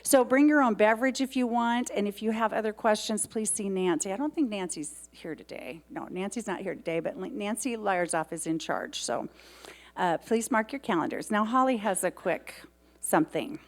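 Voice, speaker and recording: A woman's voice: medium pitch, moderate pace. A woman giving the announcements in a church service, talking in a chatty, rambling way. She is openly grateful and gets emotional as she speaks to the congregation. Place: church sanctuary.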